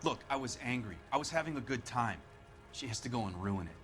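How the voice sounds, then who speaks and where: An actor playing a defensive husband questioned by police in a video game, nervous and quick to anger. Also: male voice, medium pitch, animated, a bit bright, soft background music, natural voice. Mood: bitter. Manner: nervous, then angry outbursts. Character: defensive husband questioned over missing wife.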